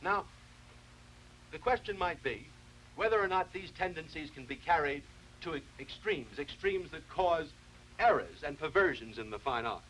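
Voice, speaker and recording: A man delivers a philosophy lecture for television in a slightly raised register. He builds each point slowly and deliberately, often restarting a phrase to get it exactly right. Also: a little high, lively intonation, fairly bright tone, slight background noise, poor audio. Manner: measured, deliberate explaining with frequent restarts.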